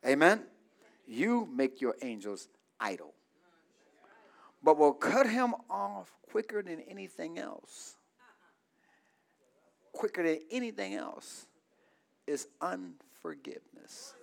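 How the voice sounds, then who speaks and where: A man preaching to a church congregation, calling for responses and rising into shouts. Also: a little high, sing-song, slow, vocal fry, pauses often. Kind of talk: sermon.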